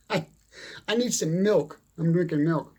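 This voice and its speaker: A man's voice: fairly high pitch, measured pace, warm tone. A middle-aged man giving a blunt, emphatic motivational talk, repeating his points and cursing mildly. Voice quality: gravelly, husky. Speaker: motivational speaker. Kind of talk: motivational monologue.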